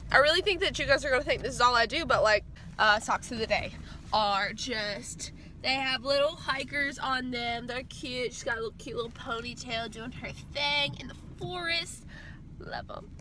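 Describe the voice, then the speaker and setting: A woman's voice: sits high, moderate pace, pushed and bright, slight background noise. A young woman vlogging casually in a rambling, chatty, self-deprecating way as she runs errands in the rain and in her car. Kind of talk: casual vlog chat.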